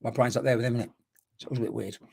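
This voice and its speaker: A woman's voice: a bass voice, fairly even intonation, very fast, vocal fry, a little mellow, slightly rough. Chatty woman medium greeting viewers. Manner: chatty, repetitive, greets viewers by name with endearments. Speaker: spiritual medium. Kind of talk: live-streamed mediumship reading.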